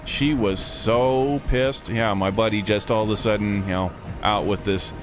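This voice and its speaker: A man with a fairly low, steady voice talks a little slowly and with few pauses. He's a vlogger in a vehicle, music playing, spinning a casual, profane story full of "like" and "dude."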